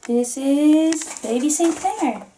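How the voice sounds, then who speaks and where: A woman's voice: sits high, lively intonation, slow, dark tone, slight background noise. Giggly woman chatting through an unboxing. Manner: chatty and giggly, laughs often. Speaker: vlog host. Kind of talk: casual unboxing chat.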